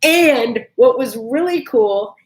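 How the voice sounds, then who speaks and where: A woman's voice: a little high, expressive, takes it slowly. A middle-aged woman hosting her own vlog, talking to viewers in a chatty, upbeat way and often restarting her phrases. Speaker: vlog host. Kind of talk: casual chat to camera.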